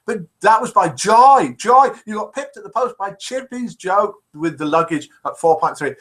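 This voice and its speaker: Older midlands man hosting a call-in show, slightly high, bright, chatty, reads messages aloud. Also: very animated, normal speed, few pauses, low-quality recording. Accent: English Midlands. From England. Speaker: host. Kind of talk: live call-in show chat.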